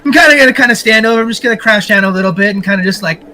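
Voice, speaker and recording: A man's voice: sits high, very fast, pushed and bright. A man playing a tabletop game, talking casually and rambling. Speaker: player.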